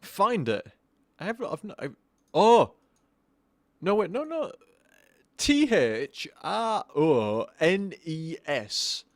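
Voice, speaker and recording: A man's voice: high voice, sing-song, slow, long pauses, dry recording. A drunk young man streaming a game live, rambling, swearing and stammering over his own words.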